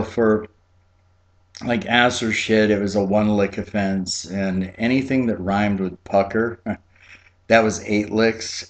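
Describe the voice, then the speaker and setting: Low-voiced man telling a family story. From Key West, Florida. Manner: relaxed, chatty, laughs often, frequent fillers. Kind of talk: personal storytelling.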